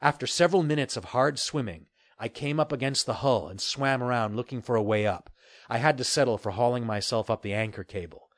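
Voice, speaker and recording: A man narrating a children's adventure novel with steady, expressive storytelling. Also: medium pitch, fairly quick, no room sound. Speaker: audiobook narrator. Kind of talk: scripted narration.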